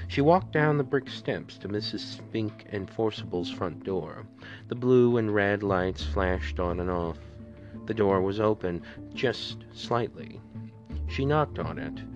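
A man reads a story aloud at an unhurried, steady pace. His voice sits on the low side, and the recording is dull and lo-fi. Soft guitar music plays faintly behind him. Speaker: podcast reader. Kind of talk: audiobook reading.

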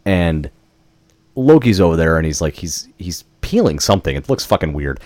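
A man's voice: low-pitched, very animated, normal speed, darkish tone, dry recording. A young man co-hosting a podcast, chatting casually and swearing as he retells a film scene. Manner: chatty storytelling with laughs and swearing. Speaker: podcast co-host. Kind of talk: casual chat recapping a film.

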